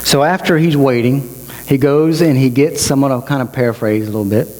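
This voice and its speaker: A male pastor preaches an emotional sermon in church, his medium-pitched, darkish voice fairly quick and climbing as he builds to each point. The recording carries the reverberation of a large hall along with mains hum.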